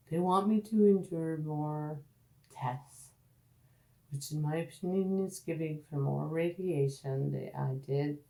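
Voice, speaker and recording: A woman who has been drinking talks slowly in a lowish voice, meandering and cursing as she vlogs from home. Her words bounce around an echoey room, and her voice swings between loud outbursts and near-whispers. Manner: slurred, tipsy and meandering, swearing, drifting between loud outbursts and murmurs. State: tipsy from drinking. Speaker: vlogger. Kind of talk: rambling casual monologue. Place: at home, indoors.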